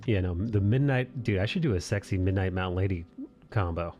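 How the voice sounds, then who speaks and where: A man's voice: low-pitched, a little fast, dark tone, dull audio, soft background music. A young man hosting a live drawing stream, chatting casually and laid-back, dropping swear words and "dude" often. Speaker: streamer host. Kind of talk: casual chat while drawing.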